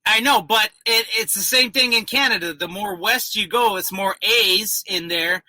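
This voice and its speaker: A man's voice: sits high, moderate pace, pushed and bright, no room sound, rough recording. A man chatting casually, rambling and joking as he talks. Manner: rambling, joking, loose storytelling. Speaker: guest. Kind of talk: casual chat.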